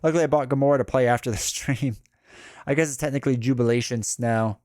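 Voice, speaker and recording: A man's voice: medium pitch, steady tone, quick pace, darkish tone, no echo, studio quality. A man streaming a live card game playthrough, chatting casually, reading the story aloud and joking about himself. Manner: chatty, self-deprecating, laughs often.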